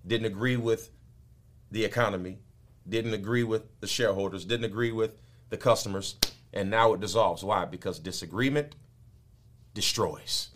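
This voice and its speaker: A man preaching a sermon, moving from low, quiet explaining to high, loud, shouted peaks. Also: moderate pace, long pauses, a little hiss or hum.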